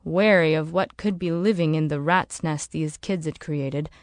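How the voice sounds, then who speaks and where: Steady woman narrating an audiobook. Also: sits low, normal speed, no echo, studio quality.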